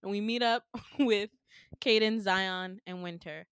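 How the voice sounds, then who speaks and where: A woman's voice: mid-range voice, unhurried, clear, resonant tone, no room sound. A young woman tells a long dream story on a podcast, bouncing into little voices for the people in it. Her voice sits in an ordinary middle register and sounds close and dry, with no room around it. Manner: animated storytelling, acts out quoted voices, laughs often. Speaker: podcast co-host recounting a dream. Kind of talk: casual chat.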